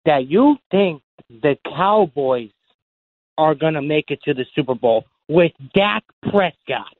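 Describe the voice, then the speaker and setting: Male caller with a New Jersey accent, insistent and heated, heard through a tinny phone line, slightly high pitch. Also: expressive, slow, no room sound. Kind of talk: call-in to sports radio.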